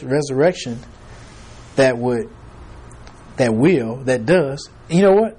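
A man's voice: fairly high pitch, darkish tone, slight background noise. A man teaching a Bible class, reading scripture aloud and prompting the class to fill in the words, with chuckling asides.

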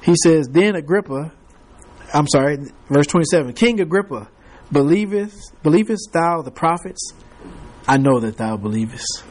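A man's voice: a little high, lively intonation, normal speed, darkish tone. A man teaching a Bible class, reading scripture aloud and prompting the class to fill in the words, with chuckling asides.

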